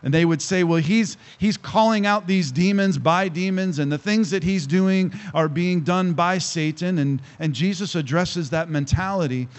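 A male pastor preaching a sermon to a congregation, emphatic and slowing down to stress key phrases. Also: sits high. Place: church hall with congregation.

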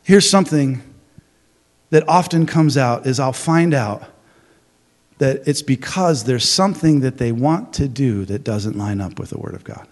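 A man preaching a sermon as pastor, animated, acting out crowd voices, with many restarts. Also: medium pitch, unhurried.

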